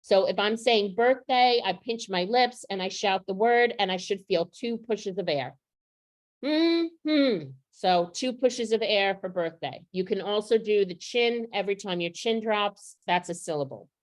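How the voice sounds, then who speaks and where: A middle-aged woman leads a professional development workshop training teachers on vocabulary instruction, staying practical and asking the audience questions. She speaks at medium pitch and normal speed with few pauses.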